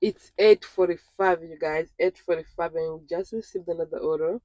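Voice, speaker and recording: A delivery driver vlogging through a work shift, chatting to viewers and repeating phrases with excitement. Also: mid-range voice, moderate pace, soft background music. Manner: excitable, repeats phrases, keeps saying "you guys". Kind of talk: casual vlog talking to viewers.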